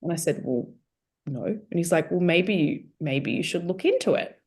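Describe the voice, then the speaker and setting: Low-voiced woman telling her story. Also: moderate pace, slightly rough. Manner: animated, acts out quoted dialogue. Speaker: guest sharing her testimony. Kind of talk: casual conversational storytelling.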